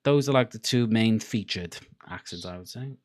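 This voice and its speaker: A man's voice: lowish voice, moderate pace, a little mellow. A young man with a Cardiff Welsh accent, rambling and swearing freely as he chats casually to his livestream viewers. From Wales. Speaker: livestream host.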